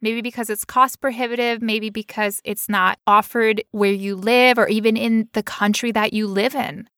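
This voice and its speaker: A woman's voice: a little high, fairly even intonation, moderate pace, a bit bright, smooth, dry recording, studio quality. A young woman co-hosting a podcast, talking candidly and emotionally, with frequent laughs. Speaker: podcast co-host. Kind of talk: personal, emotional podcast talk.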